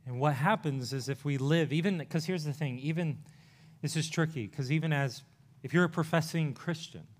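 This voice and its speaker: A male pastor preaching a sermon in an earnest, conversational way, rushing through some phrases and slowing on others. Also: a little high. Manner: earnest, conversational preaching with quick bursts and pauses.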